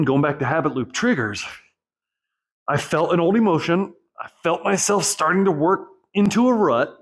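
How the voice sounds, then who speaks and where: A man's voice: a little high, breathy edge. A man hosting a channel for divorced men, talking through a personal story in a rambling, candid monologue laced with swearing. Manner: rambling, profane, self-reflective. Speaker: divorce coach and channel host.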